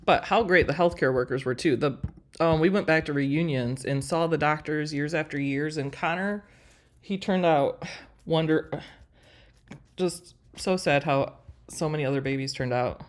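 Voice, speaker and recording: A woman in her forties with a low-pitched voice speaks at a moderate pace during her live craft design stream. She works through a tutorial on screen-share and chats with viewers as friends.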